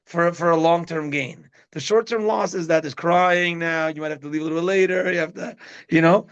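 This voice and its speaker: A rabbi teaches a parenting class in a lively, conversational way, often turning to his listeners to make sure they follow. His voice sits a little high for a man. The recording is dull and lo-fi. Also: brisk, smooth. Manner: animated, keeps checking in with listeners. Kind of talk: casual teaching talk. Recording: dull lo-fi sound.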